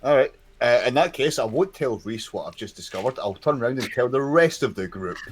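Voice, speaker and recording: A man's voice: medium pitch, animated, brisk, a little hiss or hum. A man playing in a tabletop role-playing game, chatting in a playful way. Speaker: player. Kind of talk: casual chat at a tabletop game.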